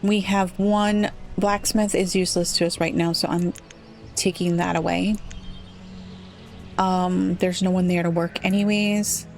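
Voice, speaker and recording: Casting: woman, low gravelly voice, unhurried let's-play muttering over faint game music. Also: flat delivery. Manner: thinks aloud, muttering and puzzling over the game. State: slightly rough voice. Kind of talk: relaxed gameplay commentary.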